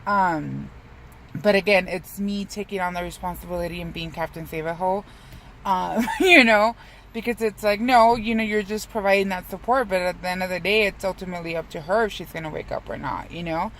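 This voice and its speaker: Young woman talking thru her rough morning, swears a lot, gravelly fry in her voice, faint car hum behind. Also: fairly low pitch, fairly quick, fairly bright tone, rough recording. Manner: rambling, profane, self-mocking. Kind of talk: casual reflective vlog.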